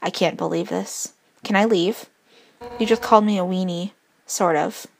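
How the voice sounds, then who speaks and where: A woman's voice: lowish voice, fairly even intonation, moderate pace, vocal fry, darkish tone, slight background noise. A woman commenting casually as she plays a video game, with playful, wry asides. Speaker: let's play host. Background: faint game music.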